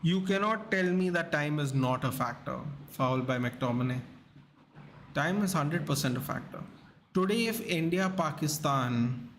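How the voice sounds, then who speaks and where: Give me a tired male sports streamer, slightly high voice, rambling casually with a faint hum in the background. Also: expressive, unhurried, a bit bright. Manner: chatty, rambling, reacting to the match while answering chat. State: tired, yawning. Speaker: host of a live sports watchalong. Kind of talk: casual live-stream chat.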